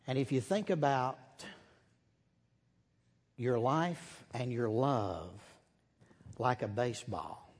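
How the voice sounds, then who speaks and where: A man preaching slowly and dramatically, with a husky voice that sinks to hushed whispers. His words ring out with the long reverb of a large hall. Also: mid-range voice. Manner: slow, dramatic storytelling with hushed, whispered moments. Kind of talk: sermon.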